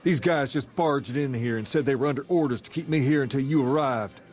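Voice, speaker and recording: A man plays a gang leader in a video game, speaking firmly and evenly at a middle pitch. Soft game music plays underneath. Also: brisk, close to an everyday voice.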